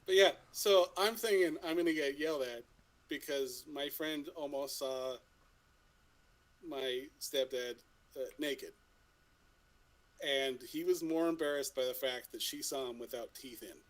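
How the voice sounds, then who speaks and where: A man's voice: a little high, a little slow, rough recording. Rambling man telling a story. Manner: rambling, restarts a lot, swears casually. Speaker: podcast co-host. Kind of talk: casual storytelling chat.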